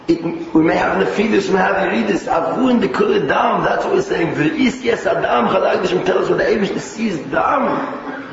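A man with a Yiddish-inflected English accent giving an animated sermon, mixing in Hebrew and Yiddish terms and often restarting his phrases. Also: sits high, moderate pace, gravelly, a little hiss or hum. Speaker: rabbi giving a Torah talk. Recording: distant echoey hall, muffled.

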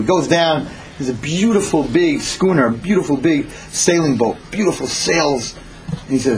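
A man telling a parable in an animated sermon style, repeating phrases as he goes. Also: a little high, moderate pace, a little hiss or hum, rough recording. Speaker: storyteller. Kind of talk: storytelling sermon.

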